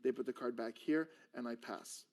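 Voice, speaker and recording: A man's voice: mid-range voice, moderate pace. Male magician, mid-range voice, casual instructor who breaks into mock-exasperated patter. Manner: animated, acts out exasperated patter with a drawn stick figure. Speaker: magician teaching a card trick. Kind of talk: casual teaching chat.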